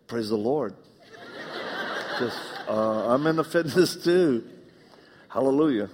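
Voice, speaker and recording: A man's voice: medium pitch, animated, slow pace, pauses often, in a large hall, slight background noise. A man with a Southern US accent preaching a live sermon, telling funny stories and acting out dialogue. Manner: humorous storytelling, acts out dialogue. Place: church.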